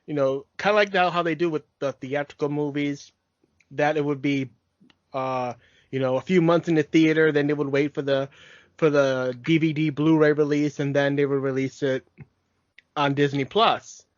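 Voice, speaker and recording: A man's voice: on the high side, fairly even intonation, normal speed, no room sound. A man co-hosting a nostalgic podcast in casual chat, rambling and often restarting his sentences. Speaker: podcast co-host. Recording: dry, dull lo-fi podcast mic.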